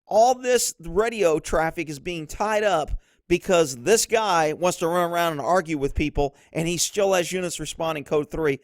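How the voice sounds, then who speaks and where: Speaking at a normal speed, a middle-aged ex-cop breaks down police footage in a blunt, instructive way, going low to imitate the people involved. The recording is dry and studio quality.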